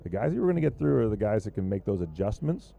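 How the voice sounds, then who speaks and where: Deep, dark-voiced surf commentator man. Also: big pitch swings, quick pace, creaky, highs cut off. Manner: loose, joking, rambling with fillers. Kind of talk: live sports commentary.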